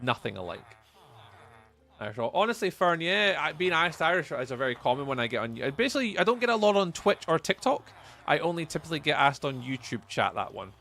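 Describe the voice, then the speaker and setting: A man's voice: a little high, very animated, fairly quick, pushed and bright, slight background noise. A young man with a Scottish accent, chatting casually with his chat while livestreaming a game. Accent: Scottish, Edinburgh area. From Scotland. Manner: chatty, reads chat aloud, repeats phrases. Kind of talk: casual live-stream chat while playing.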